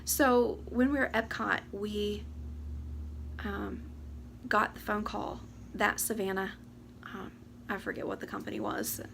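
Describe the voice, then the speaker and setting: A woman, talking to camera about her year. She rambles, talks fast and fights back tears. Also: medium pitch, steady tone, vocal fry, fairly bright tone, slight background noise. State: teary, close to crying. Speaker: vlogger. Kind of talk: casual chat to camera. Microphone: camera or phone mic.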